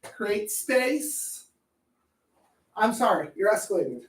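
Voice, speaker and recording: A man's voice: high-pitched, big pitch swings, slow. A man coaching anger management in a blunt, profane self-help talk, often repeating words as he thinks. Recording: roomy echo.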